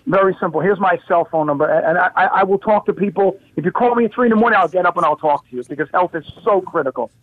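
A man with a high voice talks emphatically, tossing out rhetorical questions as he tells his story. The sound is dry and tinny, like a phone line. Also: quick pace, few pauses, dry recording. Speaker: guest, health practitioner. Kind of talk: animated storytelling on a talk show.

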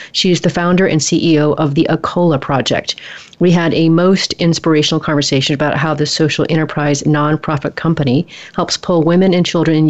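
A woman's voice: deep voice, darkish tone. A woman hosting a talk radio show about work, upbeat and chatty as she introduces her guest. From United States. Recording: muffled lo-fi broadcast audio.

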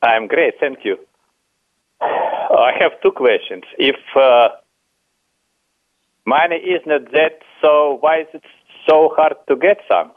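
Hesitant male caller on a phone line. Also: a little high. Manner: hesitant, halting. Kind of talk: call-in question.

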